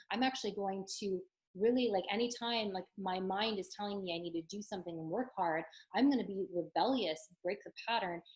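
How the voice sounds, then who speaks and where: A woman's voice: medium pitch, darkish tone, rough recording. Chatty, earnest woman coach. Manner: chatty, with frequent "like" and "um" fillers; earnest and encouraging. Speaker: spiritual coach. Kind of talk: casual teaching monologue.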